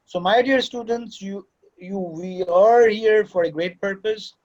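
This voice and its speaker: A man's voice: high voice, a little slow, a little mellow, muffled recording. A man lecturing students in a paternal way, slipping into at times. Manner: fatherly, lecturing, switches into Urdu. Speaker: course director and lecturer. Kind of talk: classroom talk to students. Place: classroom.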